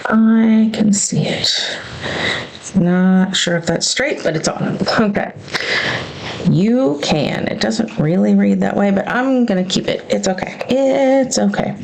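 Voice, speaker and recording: A woman's voice: mid-range voice, slow pace, gravelly, darkish tone, slight background noise, rough recording. A woman planner vlogger thinking aloud as she crafts, hesitant and self-questioning as she works out her choices.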